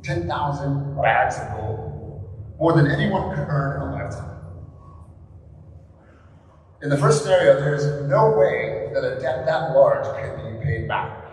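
A man's voice: medium pitch, expressive, moderate pace. A man, a pastor giving a candid, conversational sermon with rhetorical questions. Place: church service in a large echoing hall. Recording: echoey hall, distant mic, faint room noise.

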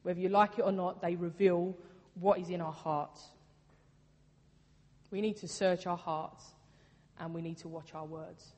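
A woman's voice: fairly low pitch, fairly even intonation, a little slow, pauses often, a little mellow. A woman preaching a sermon in a casual, earnest way, repeating her points for emphasis. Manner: earnest, conversational, with emphatic repetition. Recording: long reverb of a hall.

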